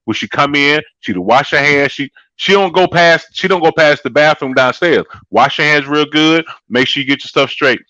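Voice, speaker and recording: A man's voice: fairly high pitch, moderate pace, few pauses, bright, forceful tone, no echo, muffled recording. A man co-hosting a casual chat show, talking emphatically in a preachy way and calling his listeners y'all. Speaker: co-host.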